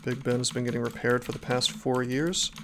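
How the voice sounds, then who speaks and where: A man's voice: mid-range voice, level tone, normal speed, background noise. A man streaming a game live, chatting casually in a ranting, profane style with many restarts. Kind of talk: casual live-stream chat over gameplay. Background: faint keyboard clicks.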